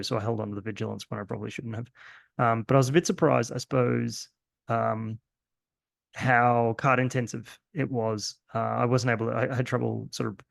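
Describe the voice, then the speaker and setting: Gravelly-voiced Australian man. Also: medium pitch, no room sound, clean studio sound. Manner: rambling, self-deprecating, many fillers and restarts. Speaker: host. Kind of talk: casual gameplay commentary.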